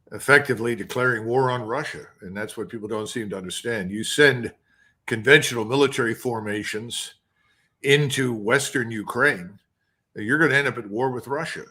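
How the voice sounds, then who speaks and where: A male guest commentator speaks in a bright, forceful voice. He is blunt and emphatic, stating his views flatly and without hedging. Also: lowish voice. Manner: blunt, emphatic, matter-of-fact. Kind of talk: interview answers.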